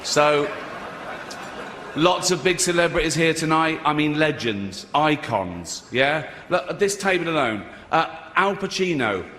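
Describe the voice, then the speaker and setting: A man's voice: on the high side, animated, a little slow, pushed and bright, slight background noise. A man hosting an awards show with a mocking comic monologue. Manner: mocking, teasing the audience. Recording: large hall with a crowd.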